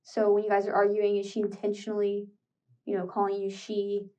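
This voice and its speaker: Woman interrogator, calm probing questions, flat tone, distant room recording. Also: mid-range voice, a little fast, highs cut off. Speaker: police interrogator.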